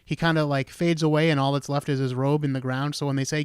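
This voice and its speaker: A man hosting a podcast, talking in a relaxed, chatty way with casual swearing. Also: fairly high pitch, fast talker, clean tone, no echo, studio quality. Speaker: podcast host.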